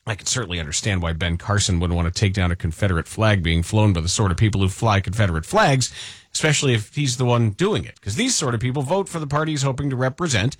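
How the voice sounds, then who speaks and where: A man's voice: fairly low pitch, expressive, fast, no echo. Dry-voiced sarcastic radio host man. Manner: dry mocking delivery with rhetorical asides. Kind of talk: sarcastic radio segment reading listener submissions.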